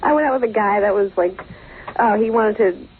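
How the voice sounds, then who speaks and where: A woman's voice: mid-range voice, brisk. Giggly woman caller on a phone line. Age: 30s. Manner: giggly, playful. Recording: phone line with faint hiss.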